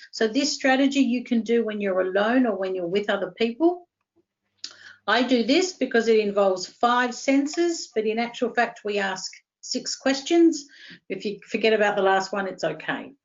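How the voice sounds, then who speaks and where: A woman with an Australian accent, a counselling psychologist calmly explaining and guiding step by step. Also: mid-range voice, lo-fi sound. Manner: steady, reassuring, guiding step by step. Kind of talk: calm explanatory interview talk.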